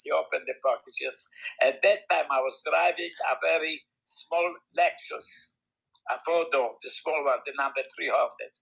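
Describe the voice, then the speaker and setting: A man in his nineties telling a story in casual talk, with broken English grammar and lively acted-out voices, heard over a video call. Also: a little high, gravelly, breathy edge, poor audio. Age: 90s. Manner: animated, acts out quoted voices; non-native English grammar. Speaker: guest storyteller.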